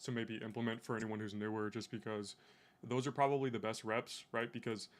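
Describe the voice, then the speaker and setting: A man's voice: lowish voice, little pitch movement, fairly quick. A young man in casual chat, coaching a coworker on sales, swearing freely and making his points bluntly. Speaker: sales rep.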